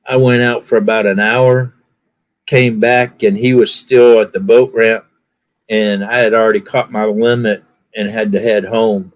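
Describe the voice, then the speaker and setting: A man's voice: lowish voice, level tone, a little slow, low-quality recording. A man chatting casually, telling folksy stories and acting out the people in them with raised voices. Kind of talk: casual storytelling chat.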